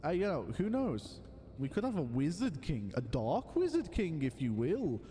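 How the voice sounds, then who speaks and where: A young man giving playful, excitable live commentary while streaming a game, full of loud exclamations and silly voices. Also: fairly high pitch, moderate pace, in a large hall, a little hiss or hum.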